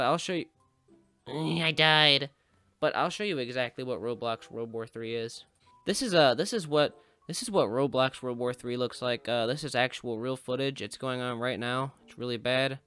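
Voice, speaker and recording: A man's voice: mid-range voice, a bit bright, clear, resonant tone. A man giving casual, joking commentary while playing a video game, rambling and breaking into sudden yelps. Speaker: gaming YouTuber.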